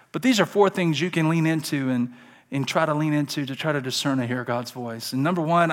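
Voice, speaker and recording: A male pastor preaching a sermon, swinging between loud exclamations and soft whispers. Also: fairly high pitch.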